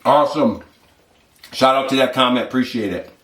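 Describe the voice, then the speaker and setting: A man's voice: mid-range voice, moderate pace, fairly bright tone, reverberant. A man hosting a fitness vlog, chatting casually and rambling with lots of fillers while he eats. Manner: rambling, filler-heavy, talks with mouth full. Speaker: fitness channel host.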